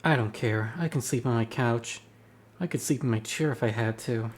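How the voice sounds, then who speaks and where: A man's voice: mid-range voice, moderate pace. A man streamer reading a visual novel aloud, narrating in a dry, wry way.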